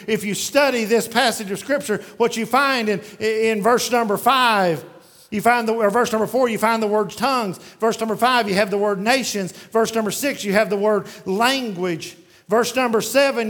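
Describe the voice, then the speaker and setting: A man preaching a sermon verse by verse, asking and answering his own questions and slowing down to read scripture aloud. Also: high voice, a bit bright. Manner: varies pace widely, slowing down when reading scripture aloud. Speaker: pastor.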